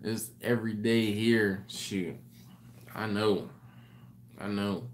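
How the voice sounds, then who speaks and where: Male live stream host, worn out and yawning, slow and rambling, apologizes often as he reads viewer chat. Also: lowish voice, steady tone, slight background noise. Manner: rambling, self-correcting, apologetic. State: tired, yawning late at night. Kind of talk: casual live chat reading viewer comments.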